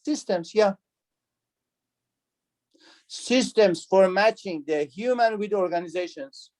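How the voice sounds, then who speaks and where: A man's voice: high voice, expressive, measured pace, pauses often, a little mellow. A man teaching an online university class. He repeats key words, asks the students questions, and speaks with non-native phrasing. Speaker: university lecturer. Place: video call.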